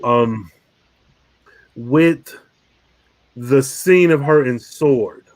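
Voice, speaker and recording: A man's voice: mid-range voice, unhurried. A man hosting a casual review podcast, talking animatedly, laughing often and swearing casually. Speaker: podcast host.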